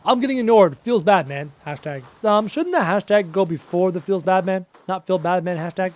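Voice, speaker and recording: High-voiced chatty man streaming a game. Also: moderate pace, few pauses. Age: late 20s. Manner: chatty, answers chat questions aloud, self-mocking jokes. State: voice wearing out, losing his voice. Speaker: live streamer. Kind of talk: casual live-stream chat while playing.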